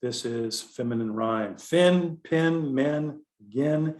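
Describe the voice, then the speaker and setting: A man's voice: mid-range voice, slow, darkish tone, reverberant. A man with a Texan accent giving an informal poetry lecture, talking conversationally, digressing and correcting himself with fillers. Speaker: contest director teaching poetry explication.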